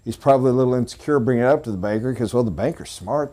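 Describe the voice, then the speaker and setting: A man leads a sales training session in a mellow, warm voice of ordinary pitch. He is blunt and joking and stresses his points. He turns to the room often with quick asides. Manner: talks straight to the audience with quick asides.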